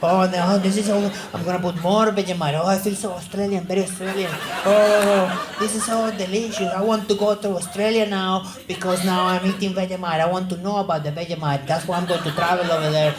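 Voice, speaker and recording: A man's voice: high-pitched, flat delivery, brisk, few pauses, background noise, natural voice. A man voicing an overexcited male tourist who gushes. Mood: gushing. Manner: gushing, overexcited. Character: gushing foreign male tourist.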